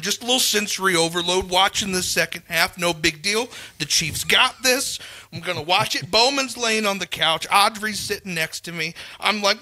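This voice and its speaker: A man's voice: high voice, moderate pace, pushed and bright, dry recording. A man in his thirties co-hosting a comedy podcast, telling a family story in a worked-up way and acting out the voices. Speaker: podcast co-host.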